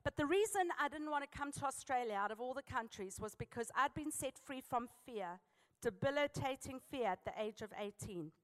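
A South African woman preaching a sermon, telling a personal story with lively, emphatic exhortation. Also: high-pitched, fairly quick, long reverb tail.

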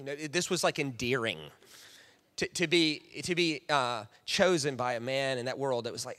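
A man preaching a sermon, animated and playful, acting out quoted voices and often restarting his sentences. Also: mid-range voice, moderate pace. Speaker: pastor. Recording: reverberant hall.

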